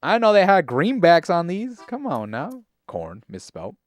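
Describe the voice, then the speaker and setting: A man streaming casually, hyped and joking, swinging from loud cheers to low mutters. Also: wildly swooping pitch, normal speed. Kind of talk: casual live-stream pack opening.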